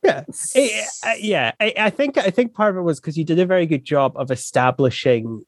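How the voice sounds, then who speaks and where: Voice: medium pitch, lively intonation, a little fast, dry recording, clean studio sound. A podcast player chatting casually and mocking themself, laughing often. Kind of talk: casual chat.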